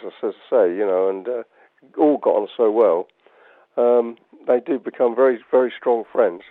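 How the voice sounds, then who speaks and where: A man's voice: medium pitch, no room sound. An older man with a Buckinghamshire accent, a guest telling rambling stories, full of ums and restarts. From England, Buckinghamshire. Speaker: guest, chair of ex-players association. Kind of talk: anecdotal radio interview. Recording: dry, tinny phone line.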